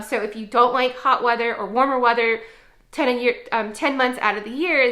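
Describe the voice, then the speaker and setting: A woman's voice: a little high, sharp tone. A woman from Texas talking casually to camera as a realtor, chatty, with lots of fillers, laughing at her own slips.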